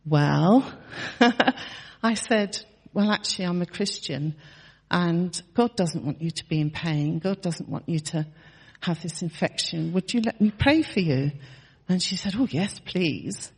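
A woman's voice: on the low side, lively intonation, a little slow, slightly rough, big-room sound. A woman in her sixties telling a personal testimony in a chatty storytelling way, laughing often and restarting her sentences. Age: 60s. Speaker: church member sharing testimony.

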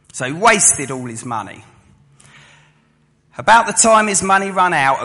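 A man preaching a sermon, telling a story lively and acting out the listeners' voices. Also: mid-range voice. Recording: long hall reverb.

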